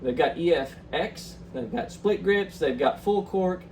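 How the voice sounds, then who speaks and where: A man's voice: high voice, lively intonation, unhurried, darkish tone, recorded from a distance, slight background noise, low-quality recording. A young man hosting a fishing channel, chatting upbeat through a walkthrough with lots of ums and uhs. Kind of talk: casual screen walkthrough.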